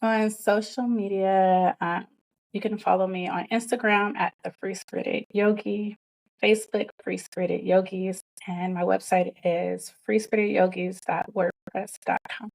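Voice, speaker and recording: A woman's voice: mid-range voice, flat delivery, unhurried, creaky, darkish tone, rough recording. A woman who teaches yoga to children, answering interview questions earnestly and laughing easily.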